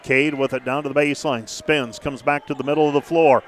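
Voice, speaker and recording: A man calling live basketball play-by-play, brisk and name-by-name, with stat asides between plays. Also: medium pitch, steady tone. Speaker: play-by-play announcer.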